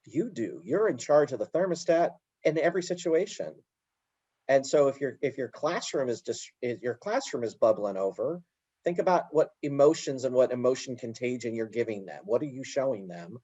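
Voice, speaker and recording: A man explaining calmly in an interview, often slipping into little acted-out quotes of parents and children. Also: mid-range voice, normal speed, husky, dry recording, dull audio. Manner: animated storyteller acting out little quoted dialogues. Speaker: guest, educator. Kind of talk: conversational interview answer.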